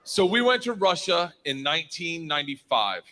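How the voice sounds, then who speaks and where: A man's voice: fairly high pitch, very animated, normal speed. A man in his fifties, a stand-up comedian telling a story on stage. He swears freely and laughs through his lines. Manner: loud, profane, laughing storytelling.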